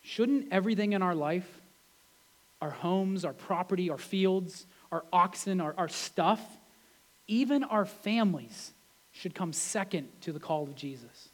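A man's voice: high voice, animated, a little slow. A man, a pastor, preaching a sermon in a conversational way, often checking in with the congregation through rhetorical questions. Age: adult with wife and kids.

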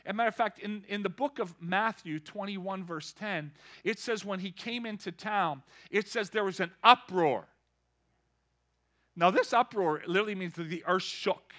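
A man preaching a lively sermon, calling out to the congregation and building to shouts. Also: high-pitched, normal speed. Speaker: pastor.

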